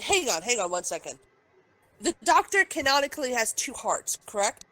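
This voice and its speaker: A woman with a fairly high voice co-hosts a chatty review podcast. She talks heatedly and fires off objections one after another, swearing freely as she goes. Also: sing-song, moderate pace, pushed and bright, low-quality recording. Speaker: podcast co-host. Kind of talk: casual chat, episode review.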